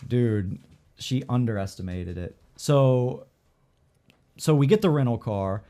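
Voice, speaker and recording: Male podcast co-host, casual storyteller, animated delivery with voiced quotes. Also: medium pitch, takes it slowly. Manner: animated, acts out other people's lines in quoted voices.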